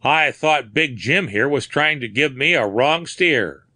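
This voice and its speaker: Narrator doing cocky young beat cop, sneering, raised pitch, bright. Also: male voice, lively intonation, unhurried, no room sound. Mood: brash. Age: young adult. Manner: brash, sneering slang.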